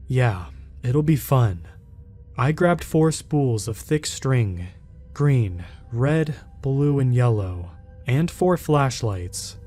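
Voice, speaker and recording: A man narrates a scripted first-person horror story in a measured, even storytelling manner. His voice is dark and mellow, with faint music underneath. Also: mid-range voice.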